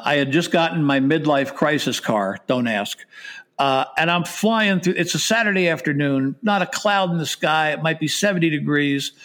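A man's voice: on the high side, fairly bright tone. A middle-aged man, the guest, telling self-deprecating anecdotes in a rambling way, with frequent restarts and laughter. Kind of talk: anecdotal storytelling.

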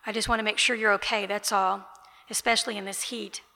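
A woman voices a kindly male reverend who pleads gently with a troubled friend. The voice is bright and a little gravelly. It echoes through a large room. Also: medium pitch, little pitch movement, quick pace. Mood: concerned.

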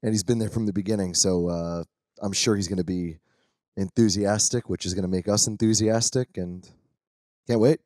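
A man with a fairly low voice co-hosting a relaxed podcast. He chimes in with enthusiastic agreement and sounds keen on what is coming. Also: normal speed, no room sound, studio quality. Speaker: podcast co-host. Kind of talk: casual podcast chat.

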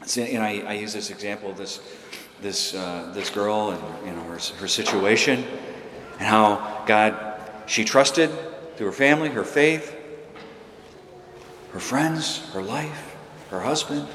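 A man's voice: fairly low pitch, a little slow, pauses often, a bit bright. Man in his sixties preaching in a hall. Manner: emphatic, storytelling, rising to fervent peaks. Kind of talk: sermon. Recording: echoey hall with room noise.

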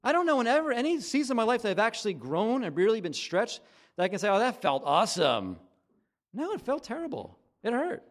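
A man's voice: high-pitched, fairly quick. A middle-aged man preaching a sermon in a conversational way, acting out both sides of the exchanges he retells. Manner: conversational and animated, acting out dialogue. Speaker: pastor.

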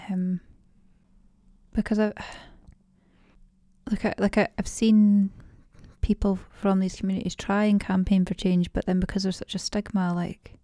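A woman's voice: mid-range voice, mellow, no echo, studio quality. A young Scottish woman, a podcast guest, talking casually and hesitantly with many restarts and fillers. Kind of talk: casual interview conversation.

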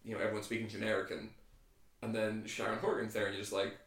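A man's voice: lowish voice, fast. An Irish man in casual chat, swearing freely and restarting his sentences as he gets worked up. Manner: profane, animated, lots of restarts. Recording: very echoey room, distant mic.

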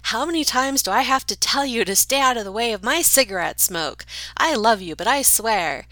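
A woman voicing an exasperated mother scolding her young daughter loudly. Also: fairly high pitch, expressive, moderate pace, no room sound, pitched above the performer's own voice. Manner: loud, scolding.

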